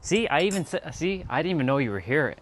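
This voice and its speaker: A man's voice: on the high side, very animated, fast talker, a little hiss or hum. A man from North America, chatting casually with viewers on a livestream while making a hot drink. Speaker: livestream host.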